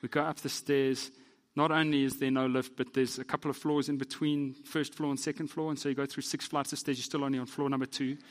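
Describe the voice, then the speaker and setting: A man, a pastor telling a story in a sermon in an animated, self-deprecating way. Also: medium pitch, fast, big-room sound.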